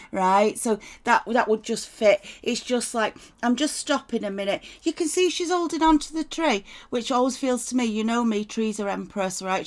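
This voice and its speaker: Chatty woman with vocal fry. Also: a little high. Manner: chatty, keeps asking "right?", swears freely. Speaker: tarot reader. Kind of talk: casual spoken tarot reading.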